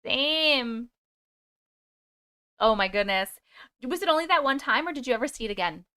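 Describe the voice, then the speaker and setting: Chatty woman livestream host, higher voice. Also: lively intonation, normal speed, pushed and bright, smooth. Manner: chatty, talks back to viewer comments, sings snatches of songs. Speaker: host reading viewer stories. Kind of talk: casual livestream chat and story reading.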